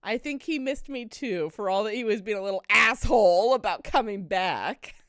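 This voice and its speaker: Streaming a game live, this woman chats casually, rambling and heartfelt, with effusive hellos to viewers. Her mid-range, fairly bright voice moves at normal speed, and the studio-quality audio has no echo.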